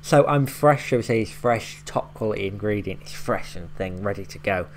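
A man with a lowish voice talks through a reaction video in a loose, rambling way, filling gaps with "like" and "um" and swearing now and then. There is a faint hiss under his voice. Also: normal speed. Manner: rambling, explaining lines with loose fillers and swearing. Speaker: YouTube reaction host. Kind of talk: casual reaction commentary.

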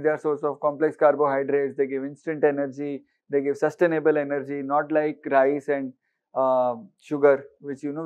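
A man's voice: fairly high pitch, a little mellow, lo-fi sound. A man with an Indian English accent giving an exam-prep lecture, often asking students questions and slipping in Hindi words. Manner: questioning, mixes Hindi words, repeats for emphasis.

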